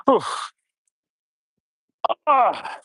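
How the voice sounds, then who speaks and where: A man's voice: pushed and bright, dry recording. A man from Canada chatting live with viewers while shoveling manure on his farm outdoors, grunting and sighing between loads and slightly out of breath. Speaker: homestead livestreamer. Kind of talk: casual live chat reading comments while working. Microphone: phone.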